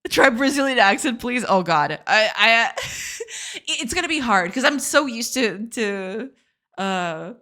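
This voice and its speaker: A woman's voice: on the high side, big pitch swings, measured pace, sharp tone. A woman whose first language is Portuguese, chatting casually on a game dev live stream, giggling and answering chat.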